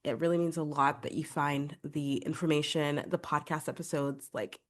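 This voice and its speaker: A woman's voice: sits low, little pitch movement, normal speed. A young woman hosting her singing podcast, chatty and upbeat, a little congested from a cold. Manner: chatty, upbeat, many filler "like"s. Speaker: podcast host and vocal coach. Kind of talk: casual solo podcast talk.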